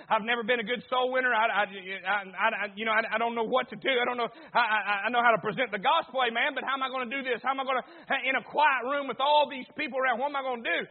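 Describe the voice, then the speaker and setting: High-voiced folksy preacher man, tinny. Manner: folksy, stammering storyteller, rising to loud preaching. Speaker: pastor. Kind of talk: sermon with personal story. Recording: tinny phone-like recording.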